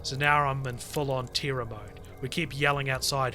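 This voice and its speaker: A man on a podcast reading a creepy internet story aloud to friends, lively and full of swearing. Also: mid-range voice, moderate pace, hardly any pauses, soft background music. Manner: animated storyteller, swears freely, breaks off to chat. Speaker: podcast co-host reading stories.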